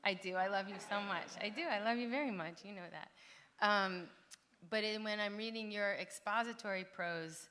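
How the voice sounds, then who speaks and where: Bright-voiced woman interviewing playfully. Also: mid-range voice, moderate pace, slight background noise. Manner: playful and teasing. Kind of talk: on-stage author conversation. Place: festival venue.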